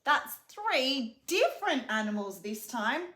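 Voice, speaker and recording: A high, bright young woman speaks slowly and carefully as she teaches children hand signs. Her sing-song delivery rolls into a simple animal song. Her voice carries a roomy echo. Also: sing-song. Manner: sing-song, slow and clearly paced for a child. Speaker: speech pathologist teaching signs. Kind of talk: children's sign-and-sing lesson.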